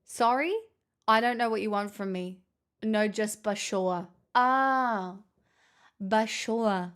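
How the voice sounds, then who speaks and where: A woman's voice: mid-range voice, slow, fairly bright tone. A woman hosting a livestream, chatting casually and teasing her chat with jokes. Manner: teasing, jokey banter with chat. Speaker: livestream host.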